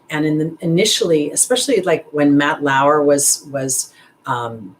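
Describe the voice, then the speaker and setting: A woman's voice: low voice, slight background noise, poor audio. A woman giving a casual astrology and angel card reading, chatty and rambling, speaking to viewers by name. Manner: chatty, rambling, laughs at herself when nervous; talks straight to viewers by name. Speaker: intuitive astrologer and card reader.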